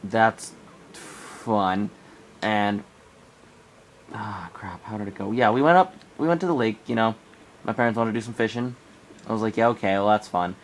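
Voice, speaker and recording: A teenage guy with a slight cold rambles through a camping story in a lowish voice. His quoted bits jump up with energy, and a faint ambient hiss sits under a low-quality recording. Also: moderate pace, pauses often. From Arizona, US. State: coming down with a cold. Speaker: vlogger. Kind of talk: casual storytelling.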